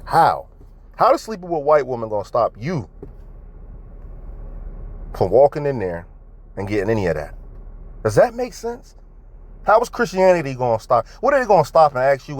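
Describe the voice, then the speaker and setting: Speaking at a normal speed with frequent pauses, a man in a medium, sing-song voice gives casual religious commentary from home. He's profane and emphatic, addressing his viewers directly with pointed questions.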